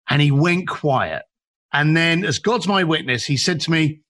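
Lively husky man telling stories. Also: high voice, normal speed. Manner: acts out quoted people, emphatic, repeats words. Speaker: guest. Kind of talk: animated storytelling.

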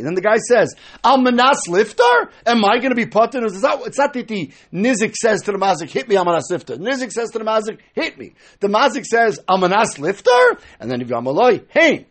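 A man's voice: high voice, husky. A man teaching a Talmud study lecture, explaining step by step and acting out the speakers he quotes.

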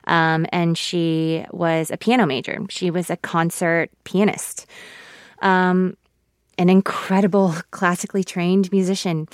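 A woman's voice: on the low side, steady tone, a little slow, clean tone, no room sound, studio quality. A woman guest in a radio interview, talking reflectively and getting emotional, often laughing between thoughts. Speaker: actress guest.

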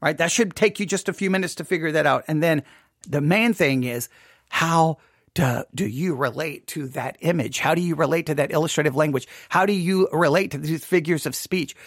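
A man leading an informal Bible study lesson, animated and questioning, acting out imagined objections. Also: fairly high pitch, normal speed, no echo, clean studio sound.

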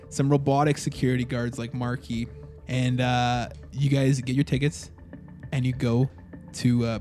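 Man running a tabletop game. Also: mid-range voice. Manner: relaxed, filler-heavy narration. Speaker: game master.

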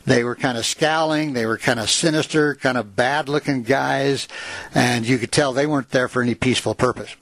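A man's voice: medium pitch, steady tone, fairly quick, fairly bright tone, no room sound. A man retelling a written history aloud to a listener, reading passages and adding casual asides with fillers. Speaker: storyteller.

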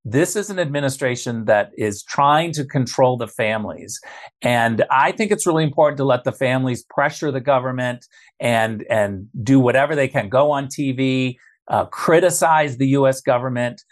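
A man makes his case as a guest on a political talk show. He talks forcefully, leans on repetition to drive points home, and his voice sits at an ordinary middle pitch. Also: normal speed. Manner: forceful, emphatic, repeats key phrases.

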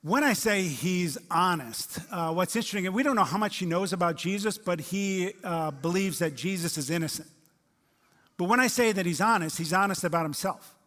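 A man preaching a sermon as pastor, animated and acting out the voices he quotes, swinging from loud to hushed. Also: sits high, moderate pace. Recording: long hall reverb.

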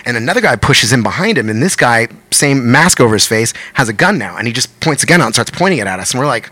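A man's voice: mid-range voice, quick pace. A man in his thirties, a touring musician and podcast guest, telling a story in casual chat with lots of swearing and acted-out quotes. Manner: animated, profane, acts out quotes.

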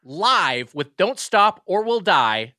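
Bright-voiced man reviewing food. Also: sits high, big pitch swings, takes it slowly, no room sound, studio quality. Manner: rambling, restarts often, emphatic. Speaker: podcast co-host. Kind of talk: casual comedic food review chat.

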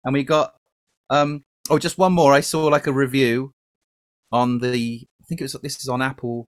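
Male podcast co-host, relaxed rambling talk, dry recording. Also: medium pitch, moderate pace, no echo. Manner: chatty, rambling, reads listener messages aloud. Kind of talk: casual podcast chat.

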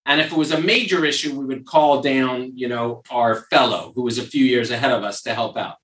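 A man from New York hosts a casual podcast as a surgeon and tells stories with lively repetition. His voice is bright and forward. He sounds a little off the mic, in a roomy, echoey space. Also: medium pitch, a little fast, far from the mic. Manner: animated storyteller who repeats phrases for emphasis. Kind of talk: casual podcast chat and storytelling.

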